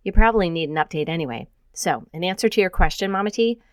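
A woman's voice: fairly low pitch, expressive, fast talker, no echo, clean studio sound, natural voice. A woman voicing a wry, grumbling young female graduate student who hacks.

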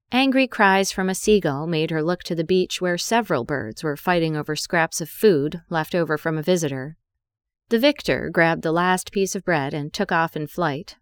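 A woman narrating an audiobook story in an even, measured way. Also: lowish voice, clear, resonant tone, no room sound, clean studio sound.

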